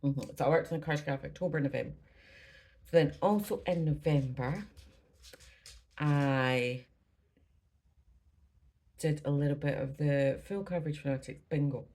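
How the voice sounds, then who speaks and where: A woman's voice: low voice, moderate pace, pauses often, warm tone, poor audio. A Scottish woman at home, chatting casually about her stitching projects, rambling and often apologizing, a little out of breath. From Scotland. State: slightly out of breath. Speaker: cross-stitch vlogger. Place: at home indoors.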